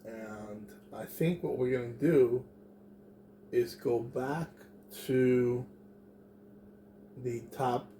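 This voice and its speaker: A man thinks through his moves in a tabletop game, talking slowly in a mellow, dark voice. He plans aloud with pauses and fillers. A faint hum sits behind him. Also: medium pitch, fairly even intonation. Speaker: player.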